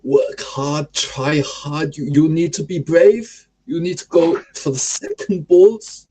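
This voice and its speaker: A man's voice: a little high, lively intonation, takes it slowly, mellow, breathy edge, exaggerated voice. A man impersonating a stern football coach, giving clipped schoolteacher-style commands.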